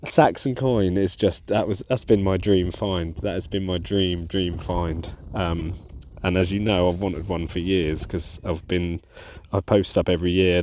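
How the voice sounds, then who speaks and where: A man narrating his metal detecting dig to viewers, giddy and breathless with excitement. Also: low-pitched, highs cut off. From England. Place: outdoors in a field.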